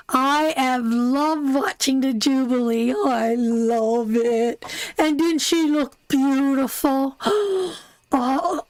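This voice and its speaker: Chatty high-voiced woman, tarot live host. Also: dry recording. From Canada. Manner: chatty and rambling, calls viewers darling and sweetheart. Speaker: tarot reader hosting a live stream. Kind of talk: casual live-stream chat.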